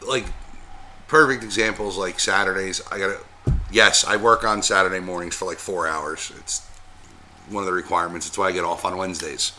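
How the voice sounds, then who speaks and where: A man's voice: deep voice, steady tone, a little fast, bright, forceful tone, slight background noise. A man co-hosting a podcast in casual chat, laid-back and matter-of-fact. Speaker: podcast co-host.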